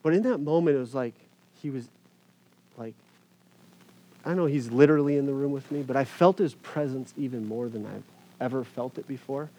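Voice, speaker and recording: A male pastor speaks to an audience about his faith in an earnest, unpolished way. His pitch sits in an ordinary middle range, and he often stumbles, repeats words and pauses on fillers as he gathers his thoughts. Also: warm tone, low-quality recording. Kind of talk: personal faith testimony to an audience.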